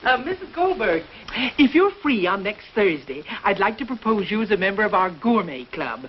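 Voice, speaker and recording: An actress playing an effusive, gushing suburban neighbor in a 1950s TV sitcom, on a dull old soundtrack. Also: female voice, mid-range voice, sing-song, normal speed, slight background noise, natural voice. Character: gushing, food-loving suburban neighbor woman.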